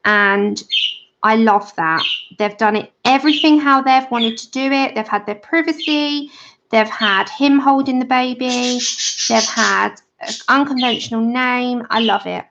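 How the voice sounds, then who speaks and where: A woman's voice: a little high, a little slow, creaky, background noise. A woman hosting a livestream, chatting casually while she colors and answers viewers in the chat. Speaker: livestream host. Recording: slightly dull lo-fi sound.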